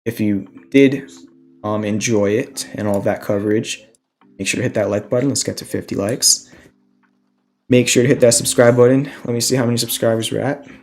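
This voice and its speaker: A man's voice: mid-range voice, steady tone, brisk, faint music behind. A young man hosting a casual stock trading livestream, a little out of breath, talking through trade ideas and answering chat questions.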